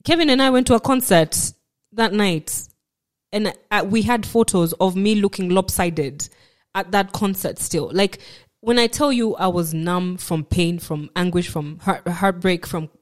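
A woman, a podcast guest, telling a personal story in a halting way, repeating words and acting out what others told her. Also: on the low side.

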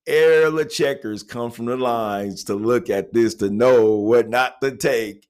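A man's voice: mid-range voice, takes it slowly, few pauses, darkish tone, clean tone. A man casually telling a personal anecdote in a laid-back, slangy way, often laughing and checking in with "you know what I mean". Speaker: storyteller.

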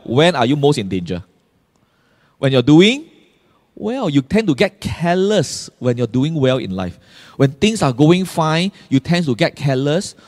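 Pastor preaching in a reverberant hall. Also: male voice, on the high side. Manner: emphatic, asks the congregation frequent rhetorical questions. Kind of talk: sermon.

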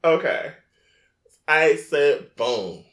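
A man, telling a Christmas story on a casual podcast in a lively, laughing, slangy way. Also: on the high side, drawn-out words, echoey room. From New York tri-state area.

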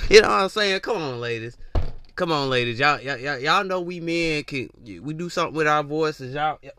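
A young man talks, teasing and joking through a loose solo monologue. His voice swings widely in pitch and has a bright, forward edge. He often repeats phrases and slips into quick mock voices. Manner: animated, teasing, slangy, repeats himself and drops into mock voices. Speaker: podcast host. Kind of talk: casual comedic monologue.

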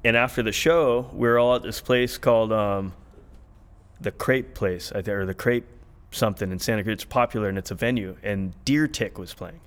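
A man's voice: fairly low pitch, normal speed, clean tone. A man guest on a podcast, telling a long story in a laid-back, rambling way, full of likes and ums. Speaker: podcast guest, harmonica player. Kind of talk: casual storytelling chat.

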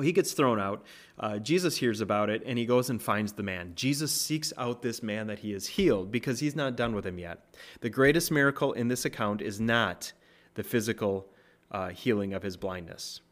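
Man preaching with a low voice. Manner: conversational, restarts often, asks "right?"; voice rises for quoted lines. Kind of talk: casual sermon retelling a Bible story.

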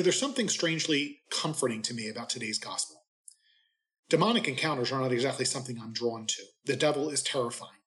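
Male clergyman, mid-pitched, unhurried reverent delivery for daily readings and a short homily. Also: a bit bright, rough recording. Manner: measured, reverent reading cadence.

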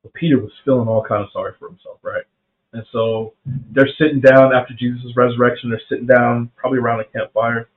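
Over a narrow, phone-quality line, a middle-aged South Carolinian podcast host reflects on faith at a quick clip. His mid-range voice barely shifts in pitch, and his casual, earnest delivery is peppered with "man" and sentences he starts over.

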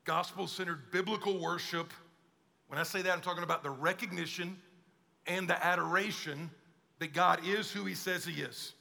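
A man's voice: high-pitched, fairly even intonation, moderate pace, gravelly, sharp tone. A male pastor preaching a conversational sermon and acting out quoted voices. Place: church auditorium. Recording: long hall reverb.

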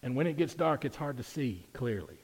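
Husky and darkish, this man's mid-range voice is very animated and a little fast. He delivers a sermon in a church sanctuary with echoing acoustics, shifting between chatty, conversational stretches and emphatic high points.

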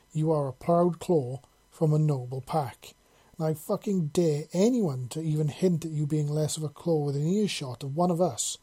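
A reader voicing a fierce, foul-mouthed woman soldier who growls and barks commands like a drill sergeant, in a husky, mellow voice. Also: medium pitch, natural voice.

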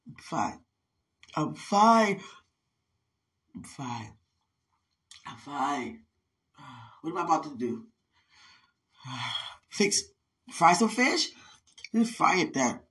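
A woman talks to herself in a slow, husky monologue, her voice sitting a little low. She sighs and prays aloud between her words. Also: sing-song, fairly bright tone. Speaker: mother talking to herself. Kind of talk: rambling emotional monologue.

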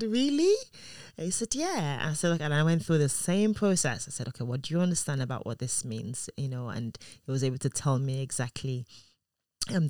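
A woman's voice: rumbling low, dry recording, clean studio sound. A woman, a mother in her thirties, telling a personal story in a casual way, acting out what people said and often restarting her sentences. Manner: animated, acts out quoted voices, restarts often.

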